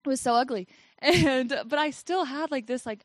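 A woman's voice: sits high, normal speed, no room sound. A young woman telling a personal faith story in a chatty way, saying "like" often and laughing as she goes. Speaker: speaker sharing a faith testimony.

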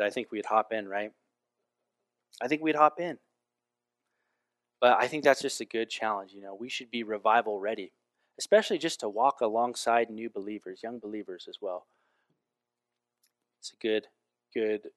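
A man preaching a sermon as pastor, in a casual, animated way with frequent asides. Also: medium pitch, no echo. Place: church.

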